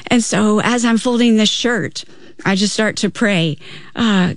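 A woman's voice: medium pitch, measured pace, no room sound. A woman guest in an earnest faith talk, telling personal stories and acting out her own prayers. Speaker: guest author.

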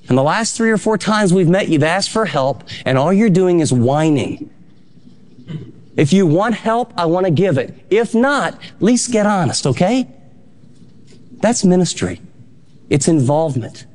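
A man preaching a sermon as pastor, fervent and exhorting, swinging between soft and urgent lines. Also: sits high, big pitch swings, measured pace.

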